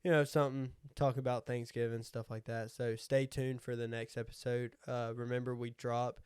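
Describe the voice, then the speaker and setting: A young man co-hosting a podcast, easygoing and halting with fillers. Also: medium pitch, little pitch movement, darkish tone, clean tone, dry recording, clean studio sound. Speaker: podcast co-host. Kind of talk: casual chat.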